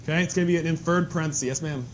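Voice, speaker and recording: A male math teacher giving a lively, joking lesson to his class in a classroom. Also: on the high side, rapid-fire. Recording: dull lo-fi classroom recording with faint noise.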